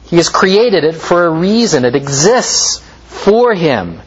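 Male preacher, sermon delivery, slow and deliberate, animated pitch, lo-fi sound. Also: slight background noise. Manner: slow, measured preaching with lively pitch swings.

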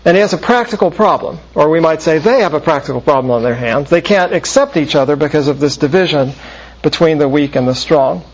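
A man preaching in a measured, explanatory way, often pausing mid-phrase as he works through a Bible passage. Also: fairly high pitch, expressive. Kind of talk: expository Bible teaching. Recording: muffled lo-fi recording.

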